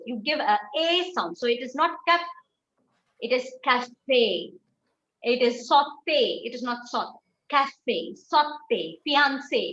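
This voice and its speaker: Woman language tutor, high-pitched, patient and explanatory, echoey and slightly muffled online-call sound. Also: fairly bright tone. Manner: patient, explains step by step with frequent check-in questions. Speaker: French teacher. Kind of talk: online class instruction. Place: online video class.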